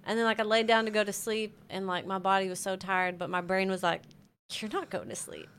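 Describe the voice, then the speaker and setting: A woman's voice: mid-range voice, flat delivery, fast talker, fairly bright tone, clear, resonant tone. A woman, a musician chatting casually as a podcast guest, full of "like" fillers and easy laughs. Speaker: keyboardist guest.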